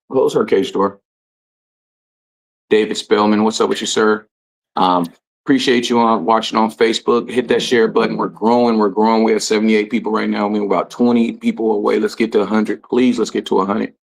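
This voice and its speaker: A man hosting a casual livestream, reading out commenters' names and greeting them in relaxed, slangy talk. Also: on the low side, creaky. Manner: shouting out commenters, laid-back slangy talk. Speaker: livestream host. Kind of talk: casual live-stream chat.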